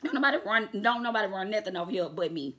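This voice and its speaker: A woman talks straight to her viewers in a casual vlog, chatty and quick to laugh. Her voice is bright and forward, and it turns sassy and defiant when she calls out her critics. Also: mid-range voice, expressive. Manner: chatty, addresses viewers as y'all, laughs often. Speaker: vlogger.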